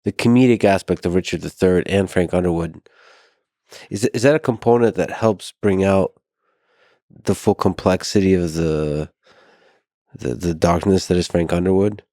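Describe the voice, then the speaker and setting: A male podcast host asking questions in a halting, searching way. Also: low voice, mellow, dry recording, studio quality. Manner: halting, searching phrasing with repeats. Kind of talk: interview questions.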